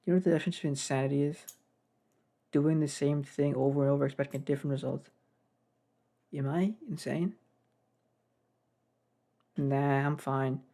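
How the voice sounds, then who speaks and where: A man's voice: medium pitch, steady tone, moderate pace, pauses often, dark tone. A young man casually narrating his game development work, rambling and getting sidetracked. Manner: rambling, self-deprecating, gets sidetracked. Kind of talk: casual devlog commentary.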